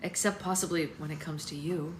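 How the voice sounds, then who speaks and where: A woman's voice: deep voice, fairly even intonation, brisk, echoey room, background noise, lightly acted. A woman reading a novel aloud, voicing a good-humored young man in a light, friendly way close to her own voice.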